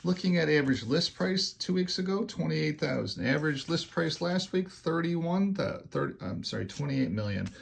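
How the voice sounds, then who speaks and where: Gravelly, emphatic man talking real estate. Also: a little high, animated. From Canada. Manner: emphatic, repeats figures, gets louder and faster when making a point. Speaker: real estate agent giving a market update. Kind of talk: casual video market update.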